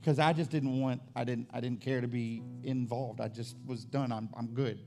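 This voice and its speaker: A man preaching a sermon in a conversational, testimony style. He often repeats words as he builds up, and he climbs higher and louder when stirred. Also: fairly even intonation, normal speed, creaky, over music. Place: church service.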